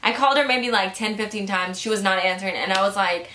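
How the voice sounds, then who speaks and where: A young woman telling a story in casual, animated chat, full of "like" fillers. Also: medium pitch, fast, slight background noise. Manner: chatty, animated, frequent "like" fillers. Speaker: vlogger. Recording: echoey room.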